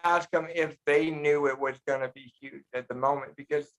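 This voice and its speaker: Higher-voiced man from Oklahoma. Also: steady tone, fairly quick. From Tulsa, Oklahoma. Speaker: podcast co-host, musician. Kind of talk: casual livestream chat.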